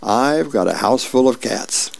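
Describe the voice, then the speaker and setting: A man's voice: mid-range voice, lively intonation, unhurried, creaky. A man voicing a wry older woman from a comic strip who talks in a dry, matter-of-fact way. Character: wry older woman, sister with many cats.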